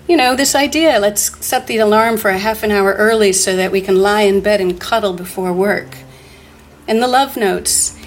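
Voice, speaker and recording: A woman telling a grave personal story in an earnest way, sometimes dropping almost to a whisper. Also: mid-range voice. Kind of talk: personal storytelling before an audience.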